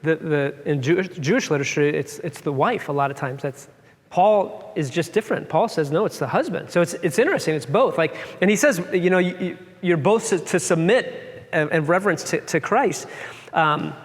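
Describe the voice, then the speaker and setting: A man's voice: a little high, lively intonation, normal speed, big-room sound. A man leading a casual Bible discussion, thinking aloud with many restarts and open questions.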